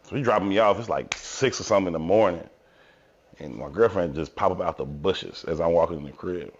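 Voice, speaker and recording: A man tells stories on a podcast, acting out the other people's lines with plenty of cursing. His voice sits on the low side. The audio is dull and lo-fi. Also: brisk. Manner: animated storyteller, profane, acts out quotes. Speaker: podcast co-host. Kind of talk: casual chat, storytelling.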